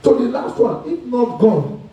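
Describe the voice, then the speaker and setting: A man's voice: extremely high pitch, sing-song, a little slow, dark tone, muffled recording, a little hiss or hum. A man preaching a sermon as pastor, acting out quoted voices and slipping into pidgin. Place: church hall. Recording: very echoey hall, mic far off.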